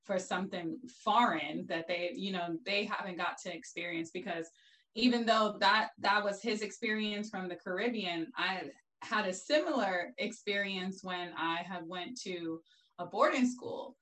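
Lively woman from Brooklyn telling stories. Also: mid-range voice, a little slow, rough recording. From Brooklyn, New York. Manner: lively, laughing storyteller. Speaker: guest, entrepreneur. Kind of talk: casual interview storytelling.

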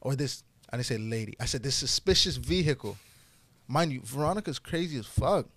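A young man telling a wild story in casual podcast talk, swearing freely and getting loud and high-pitched when excited. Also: fast, no echo.

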